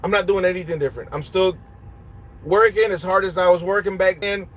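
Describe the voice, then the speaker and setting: A man's voice: high-pitched, fairly even intonation, fairly quick, poor audio. A young male truck driver and trainer from Honduras with a Honduran Spanish accent, answering viewer questions in a casual, blunt way and switching between English and Spanish. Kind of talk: casual live Q&A, reading chat aloud. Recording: loud road and engine hum.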